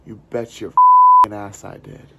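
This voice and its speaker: A man in a comedic audition tape with a mock-menacing deadpan delivery. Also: lowish voice, slow pace, creaky, lo-fi sound, heavy background noise.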